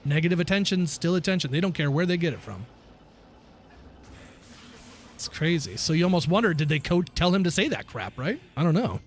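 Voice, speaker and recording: A man streaming a game and chatting casually with viewers, animated and profane, ranting between laughs. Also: on the high side, a little fast, long pauses, slight background noise. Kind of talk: casual livestream chat while gaming.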